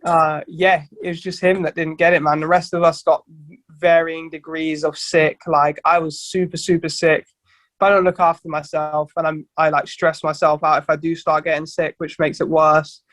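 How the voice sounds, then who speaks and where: A man's voice: on the high side, little pitch movement, normal speed, a bit bright, dry recording. Young man, casual and sweary. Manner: rambling, swears freely, many restarts. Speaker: band vocalist guest. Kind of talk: casual podcast chat.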